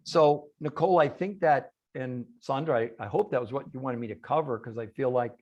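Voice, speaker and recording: A man's voice: medium pitch, brisk, muffled recording, background noise. A man giving an emphatic talk on a video call. He asks rhetorical questions and answers them himself. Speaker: guest speaker on a call. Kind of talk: animated presentation on a group call.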